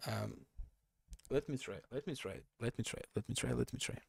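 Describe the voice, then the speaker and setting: A man's voice: mid-range voice, normal speed, creaky, slightly rough, dry recording, studio quality. A man telling a story casually on a live stream, rambling and correcting himself as he goes, often laughing at himself.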